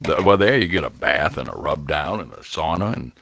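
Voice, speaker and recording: A man co-hosting a radio talk show, telling a story in a profane, teasing, animated way. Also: extremely low pitch, fairly quick, creaky, no room sound. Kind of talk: casual storytelling chat.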